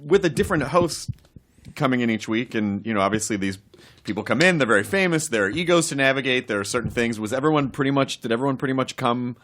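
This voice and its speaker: A man's voice: mid-range voice, animated, fast talker, fairly bright tone. A man hosting a casual interview, asking rambling, searching questions. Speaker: podcast host.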